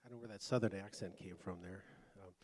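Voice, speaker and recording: A man on a church missions committee, introducing guest speakers in a relaxed, rambling way with many fillers. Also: on the low side, fast, no room sound. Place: church sanctuary.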